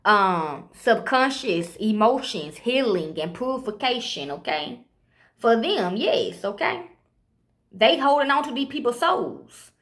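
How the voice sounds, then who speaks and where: A woman's voice: fairly high pitch, very animated, fairly bright tone. Woman reading scripture with "okay?" asides. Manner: reads slowly, then rambles fast with frequent "okay?" and swearing. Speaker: amateur preacher. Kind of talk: reading scripture with loose commentary.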